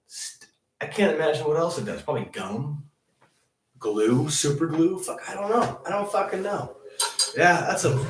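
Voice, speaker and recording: A young man hosting a comedic news show, rambling through profane stories with frequent laughter. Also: mid-range voice. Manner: profane, laughing, animated storytelling. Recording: echoey room, distant mic.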